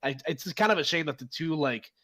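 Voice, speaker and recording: A man's voice: a little high, animated, a little fast, bright, forceful tone. Chatty man with loose, hedging talk. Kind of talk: casual panel discussion.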